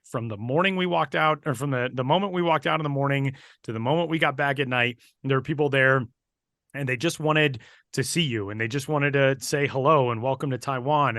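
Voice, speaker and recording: A man tells a story on a podcast in a casual, lively way. His voice is bright and forceful. The sound is dry and close, with no room around it. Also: mid-range voice, no room sound. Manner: animated, building excitement while recounting. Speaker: podcast co-host and broadcaster.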